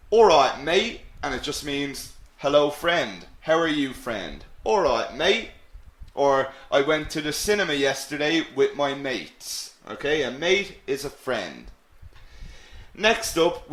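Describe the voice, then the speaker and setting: A man's voice: a little high, fairly bright tone, echoey room. An Irish man teaching English in a live webinar, upbeat and encouraging, repeating key phrases. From Ireland.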